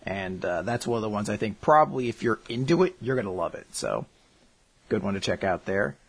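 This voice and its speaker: Animated, husky-voiced male podcast co-host. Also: fairly low pitch, a little fast. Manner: jokey, animated, laughs often. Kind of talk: casual podcast chat.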